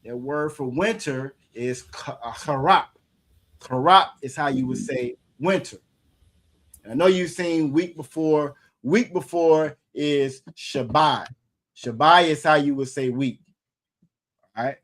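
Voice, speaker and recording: A man's voice: fairly high pitch, measured pace, a bit bright. Casual man teaching with many fillers. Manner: loose, repetitive, many fillers. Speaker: Hebrew language teacher. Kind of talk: casual language lesson.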